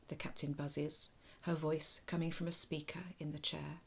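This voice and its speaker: A woman tells a children's story in a low, slow, soft voice. Her hushed delivery often drops toward a whisper. Her tone is husky with a gravelly edge. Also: little pitch movement. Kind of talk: guided imagination story narration.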